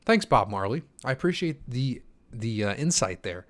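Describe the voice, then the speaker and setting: A man's voice: mid-range voice, sing-song, moderate pace. A tired young man in his twenties answers viewer questions on a casual livestream. His talk is loose and chatty, full of fillers and stumbling restarts. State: tired from poor sleep. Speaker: crypto channel host answering chat. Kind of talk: casual live-stream Q&A.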